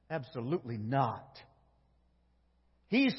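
A male pastor delivers a sermon with a high, slightly husky voice, pressing his points with emphatic force. His voice rings through a church sanctuary with long reverb. The recording sounds dull and lo-fi. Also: animated, a little slow. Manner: emphatic preaching, swings between loud and hushed.

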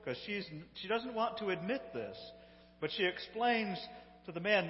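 A man casually retelling a sitcom episode in an animated, amused, conversational way, recorded on a handheld phone. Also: high-pitched, unhurried, long reverb tail, dull audio.

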